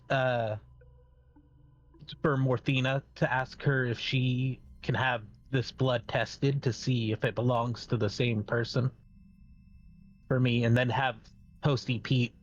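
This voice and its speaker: A man playing a tabletop game, speaking plainly and matter-of-factly. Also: mid-range voice. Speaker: player. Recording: dull lo-fi mic with faint music.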